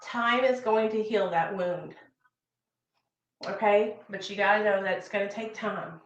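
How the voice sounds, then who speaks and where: A woman's voice: mid-range voice, steady tone, measured pace. A young woman hosting a recovery livestream, giving a casual, earnest pep talk that encourages and repeats itself. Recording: echoey room, dull lo-fi sound.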